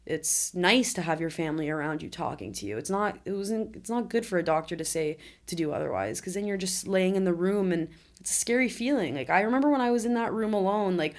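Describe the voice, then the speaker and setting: A woman's voice: fairly low pitch, expressive, a little fast, few pauses. A woman in her twenties, a podcast guest, telling her story candidly and earnestly in conversation. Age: 20s. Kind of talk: conversational interview.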